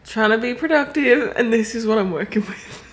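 A woman's voice: a little high, fairly quick, echoey room, a little hiss or hum. A woman with an Australian accent, talking upbeat to camera in a casual vlog. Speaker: vlogger.

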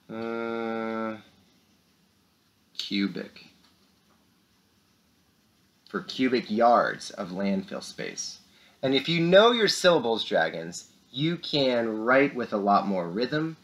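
A young man hosts a school morning show for children. His pitch rises and falls widely as he talks to his young viewers with animated, upbeat energy. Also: very slow, pauses often. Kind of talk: lively kids' morning announcements.

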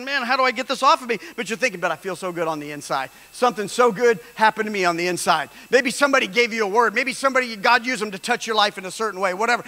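A male pastor preaching with a high voice and a bright, forceful edge. He builds his points with emphasis until they break into shouts. His voice carries a long reverb from a large hall. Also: rapid-fire, few pauses. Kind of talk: sermon. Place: church hall.

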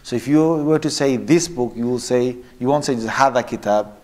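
A man teaching a religious lesson who quotes Arabic passages and then explains them in English, pausing often and correcting himself as he goes. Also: mid-range voice, darkish tone. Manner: pauses often, with fillers and self-corrections. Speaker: Islamic teacher. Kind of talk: lecture on religious texts.

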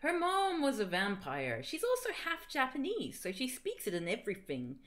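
A woman reading fan fiction aloud on a stream, playful and mock-dramatic. Her pitch swoops widely from line to line, and she drops in quick joking asides between the sentences. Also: huge pitch swings, fairly bright tone. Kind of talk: comedic dramatic reading with banter.

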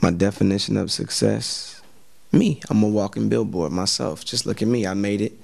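A man's voice: lowish voice, normal speed, vocal fry, darkish tone, no room sound. An American man chatting in an interview, laid-back and slangy, often repeating words as he starts a sentence. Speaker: rapper and actor guest. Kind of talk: casual interview chat.

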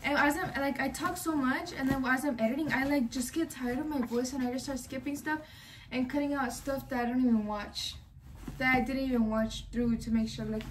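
A woman's voice: high voice, steady tone, brisk, noisy background. A young woman chatting casually to camera in a home vlog, rambling on as a self-described yapper, recorded on her phone at home. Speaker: vlogger.

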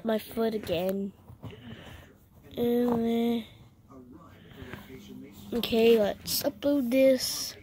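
Silly woman chatting to viewers while playing with toys, super slow, noisy recording w clicks. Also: fairly high pitch, mellow. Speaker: channel host. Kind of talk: playful toy-play narration.

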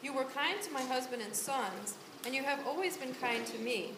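Woman reading as grieving bitter widow Naomi, high voice, echoey church, hiss. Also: normal speed, lightly acted. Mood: pleading. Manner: earnest plain read-aloud delivery. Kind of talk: volunteer reading a Bible story aloud in church. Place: church sanctuary.

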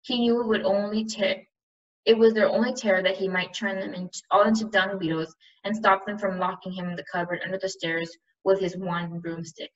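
A woman's voice: mid-range voice, fairly even intonation, fairly quick, recorded from a distance, lo-fi sound. A woman teacher reading a novel aloud, then explaining it to her class in a casual, chatty way.

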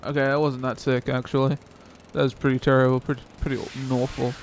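A man's voice: mid-range voice, flat delivery, fast, a little hiss or hum. A young man casually commentating a skateboarding game playthrough, joking, swearing and reacting as he plays. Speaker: gameplay commentator.

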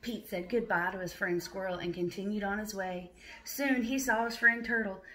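A preschool teacher reading a picture book aloud, pausing to quiz the children and praise them. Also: female voice, mid-range voice, steady tone, fairly bright tone. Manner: slow, questioning, encouraging.

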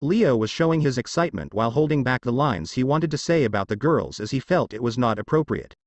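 A man narrating an action fan fiction story in an expressive storytelling manner. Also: medium pitch, fairly quick, no room sound, dull audio.

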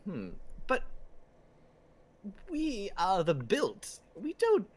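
A man's voice: sits high, drawn-out words, slight background noise, exaggerated voice. A man doing a stammering, zealous robot soldier. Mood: puzzled. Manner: stammering, naive, swings between solemn and excitable. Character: tall spindly robot soldier, earnest and zealous.

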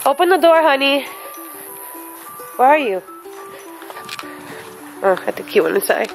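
A woman's voice: high voice, expressive, measured pace, creaky, pauses often, soft background music, low-quality recording. A woman filming a casual home vlog on a handheld camera, chatting to viewers and coaxing her dogs. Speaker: vlogger. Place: home, indoors and out in the yard.

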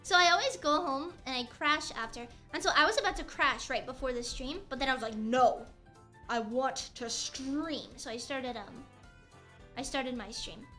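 A woman's voice: high-pitched, a little fast, pushed and bright, soft background music. A young woman streamer chatting playfully and rambling while she crafts on stream.

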